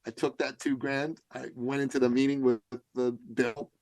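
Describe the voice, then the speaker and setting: A middle-aged man telling a story as a podcast guest, acting out the voices in it with big leaps in pitch. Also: little pitch movement, normal speed, darkish tone, no room sound. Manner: acts out dialogue with big jumps in pitch. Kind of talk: animated storytelling.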